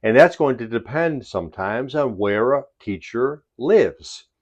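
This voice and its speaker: A man with a Chicago accent giving a vocabulary and pronunciation lesson, speaking slowly and deliberately and stressing words one at a time. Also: mid-range voice, lively intonation, muffled recording. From United States. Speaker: English teacher.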